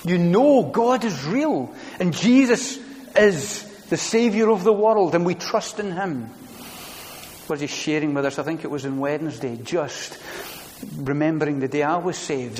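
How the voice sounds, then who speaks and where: A middle-aged man preaching a sermon, earnest, building to loud emphatic declarations with repeated phrases. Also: a little high, moderate pace. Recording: long reverb of a church hall.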